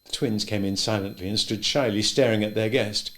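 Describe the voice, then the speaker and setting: A man reading a classic novel aloud in a plain, even, unhurried way. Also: lowish voice, gravelly. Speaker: reader. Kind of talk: audiobook narration.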